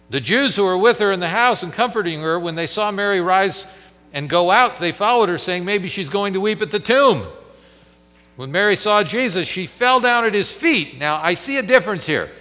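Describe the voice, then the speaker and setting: A man preaching a sermon, emphatic, with dramatic pauses and rhetorical questions. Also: high voice, expressive, pushed and bright, long reverb tail.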